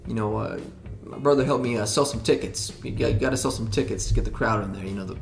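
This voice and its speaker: This rock band member talks casually in an interview, rambling and stumbling through restarts and fillers. His creaky, medium-pitched voice moves at a quick pace, recorded in a roomy space with background music.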